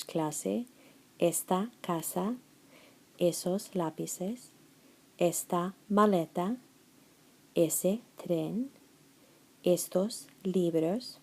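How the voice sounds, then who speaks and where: A woman teaching a Spanish class in a recorded slideshow lecture, encouraging, dropping in Spanish words and reading answer lists slowly. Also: on the low side, a little mellow. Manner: encouraging, switches between English and Spanish phrases.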